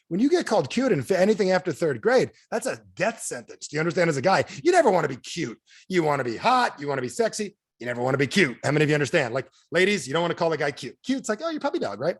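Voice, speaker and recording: A man running a sales training over a video call, animated, firing questions at his audience and acting out quotes in a higher voice. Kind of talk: energetic coaching talk.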